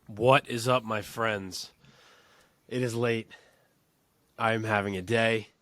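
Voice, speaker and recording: A man's voice: lowish voice, steady tone, slow, a bit bright, no echo. A man from New York co-hosting a casual chat, making wry, tired remarks. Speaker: co-host.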